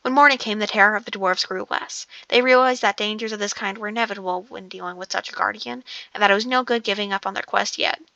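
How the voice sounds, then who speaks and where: A woman's voice: mid-range voice, fairly even intonation, fast, creaky, few pauses, sharp tone, no room sound, highs cut off. A woman casually reading a novel aloud, often stumbling over words, restarting sentences and breaking off for joking asides. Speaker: audiobook reader.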